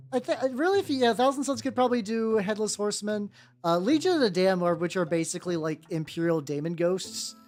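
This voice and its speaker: A live streamer chatting casually while painting miniatures, rambling loosely, swearing freely and greeting viewers by name over and over. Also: mid-range voice. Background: faint background music.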